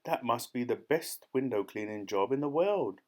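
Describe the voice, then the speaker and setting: Man doing a hushed, hurrying pelican, storybook bird. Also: medium pitch, animated, normal speed, lightly acted. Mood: urgent. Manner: hushed, urgent whispering. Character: urgent, friendly male pelican.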